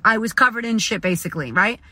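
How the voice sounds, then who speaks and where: A woman's voice: medium pitch, lively intonation, fast talker, pushed and bright, no echo. A woman giving a blunt, profane motivational monologue from her car. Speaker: motivational speaker.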